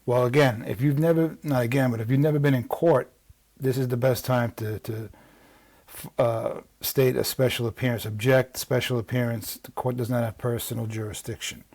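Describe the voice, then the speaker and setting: A man's voice: mid-range voice, fairly even intonation, moderate pace, darkish tone, dry recording. Man with a New York accent, dry sound. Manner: conversational, with frequent restarts and asides. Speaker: legal strategy instructor. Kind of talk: reading and explaining legal texts.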